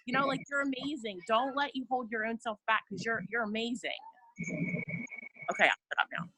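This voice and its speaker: A woman's voice: on the high side, a little fast, bright, forceful tone, husky, dry recording, poor audio. A woman on a team call telling a story in a chatty, eager way, full of "like"s. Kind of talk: casual group call.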